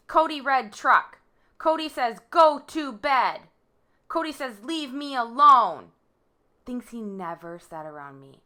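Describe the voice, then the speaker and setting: Woman, court impact statement, read aloud, halting, bright tone, lively pitch. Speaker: victim giving a statement.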